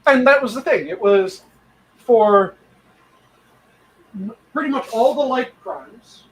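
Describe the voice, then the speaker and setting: A man with a high voice talks in casual podcast chat. He is blunt and swears freely. He explains his points at length. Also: lively intonation, takes it slowly, poor audio. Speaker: podcast co-host.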